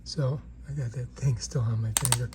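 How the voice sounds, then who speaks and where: A man's voice: medium pitch, fairly even intonation, normal speed, darkish tone, a little hiss or hum. Chatty man demonstrating a gadget. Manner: chatty, keeps checking in with "right?". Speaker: product reviewer. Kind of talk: casual product demonstration. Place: indoor room.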